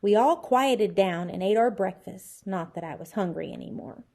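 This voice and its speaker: A woman teacher reading a children's chapter book aloud with expressive storybook delivery. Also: mid-range voice, moderate pace.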